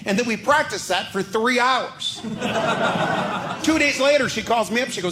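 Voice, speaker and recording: A man telling a stand-up story, animated and acting out both sides of a conversation. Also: very high voice, a little slow, background noise. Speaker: stand-up comedian.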